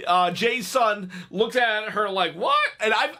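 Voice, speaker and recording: Bright-voiced, jokey male reaction host. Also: high-pitched, a little slow. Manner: chatty, jokey, laughs at own stories. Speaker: wrestling reaction video host. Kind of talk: casual reaction commentary.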